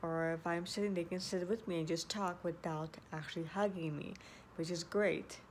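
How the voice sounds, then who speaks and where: An earnest woman gives casual advice in a low-pitched voice. She circles back and restarts her sentences. A faint hum of background ambience sits behind her. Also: steady tone, normal speed, darkish tone. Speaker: vlogger. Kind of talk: casual advice talk to camera.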